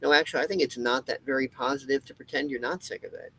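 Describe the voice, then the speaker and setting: A man's voice: medium pitch, fast talker, vocal fry, a bit bright, a little hiss or hum, low-quality recording. A man hosting his own show, delivering an impassioned, rambling monologue with frequent swearing and restarts. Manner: rambling, emphatic, swears, restarts a lot, mocking quoted voices. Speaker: show host.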